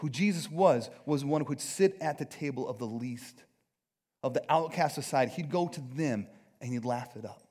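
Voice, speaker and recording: A man preaching a conversational sermon, animated, acting out quotes and often checking in with his listeners. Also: medium pitch, normal speed. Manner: animated, acts out quotes, keeps asking "right?". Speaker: pastor.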